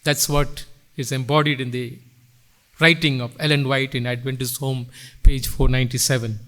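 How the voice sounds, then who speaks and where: Middle-aged male preacher, bright ringing tone, dramatic swells and hushed drops. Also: mid-range voice, level tone, moderate pace. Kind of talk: sermon. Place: church sanctuary.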